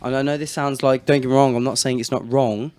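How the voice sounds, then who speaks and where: British male podcast co-host, rambles with lots of ums, smooth clear voice, dry close sound. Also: medium pitch, fairly even intonation, fast talker, darkish tone, no echo. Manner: rambling, hesitant, laughs often. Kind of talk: casual chat.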